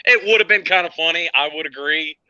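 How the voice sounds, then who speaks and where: Bright-voiced easygoing man, muffled feed. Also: on the high side, fast talker. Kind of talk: casual banter. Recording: muffled lo-fi stream audio.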